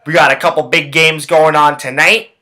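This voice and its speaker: A man with a high, sharply bright voice, ranting about sports in a heated, rambling way. Curses fly through nearly every sentence as he vents and then moves on to his picks. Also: steady tone, normal speed, poor audio. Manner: heated, swears constantly, rambling. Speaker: sports handicapping vlogger. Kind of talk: profane ranting commentary.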